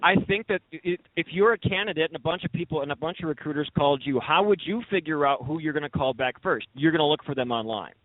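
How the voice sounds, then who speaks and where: A man's voice: on the high side, quick pace, hardly any pauses, no room sound, phone-quality sound. A man speaking as a recruiter guest on a panel, earnest and explaining at length with fillers. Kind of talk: panel discussion.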